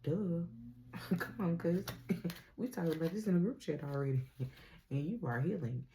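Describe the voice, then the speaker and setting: Woman tarot reader, casual and slangy, warm and gravelly tone, laughs easily. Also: on the low side, moderate pace, a little hiss or hum. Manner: slangy and playful, laughs often; talks straight to the viewer.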